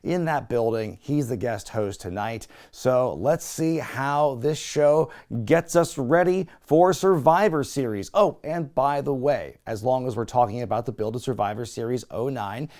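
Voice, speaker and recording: Man, young adult, wrestling review host, casual recap, sarcastic, laughs a lot, mid-pitched. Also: a little slow. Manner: animated, laughs often, sarcastic asides.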